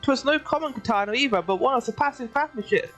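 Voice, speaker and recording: A woman doing a high, sing-song voice for a shifty, obsequious little male catfish-folk informant while reading game dialogue aloud. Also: fast, a bit bright, soft background music, low-quality recording. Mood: sly. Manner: pleading, obsequious, backwards-worded speech.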